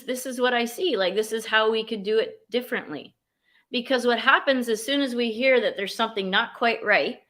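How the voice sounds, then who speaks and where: A woman's voice: medium pitch, bright, forceful tone. A woman, a life coach and guest, speaking frankly and emphatically over a video call. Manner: frank, emphatic, says "run" as advice. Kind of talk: casual video-call chat.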